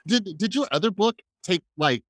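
A man's voice: high voice, animated, moderate pace, a bit bright, no room sound. A man hosting a podcast, talking casually and rambling with lots of fillers. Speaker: podcast host. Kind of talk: podcast interview.

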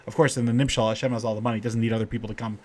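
A middle-aged man giving an informal Torah talk, telling stories and getting animated when he quotes the people in them. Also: mid-range voice, very fast. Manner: storytelling, animated when quoting characters.

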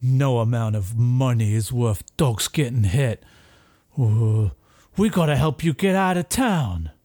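A man's voice: medium pitch, animated, unhurried, a little mellow, dry recording. Tabletop game role: a man as a naive, well-meaning dog, dry close voice. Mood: earnest. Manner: earnest, naive. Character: earnest good-natured male dog.

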